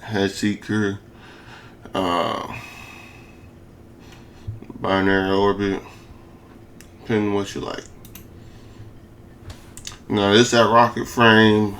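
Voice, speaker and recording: Very slow with long pauses, a young man narrates gameplay for his gaming videos in a fairly low, fairly bright voice with flat delivery. A little hiss or hum sits under the recording. He's hyped and slangy, with slurred, lisping speech and lots of repetition.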